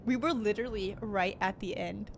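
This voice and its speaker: A young woman streaming a video game live, excitable, shrieking and yelling when things get tense. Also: medium pitch, moderate pace, creaky, a little hiss or hum. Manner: excitable, shrieks and yells under pressure. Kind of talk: live gameplay commentary. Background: game music.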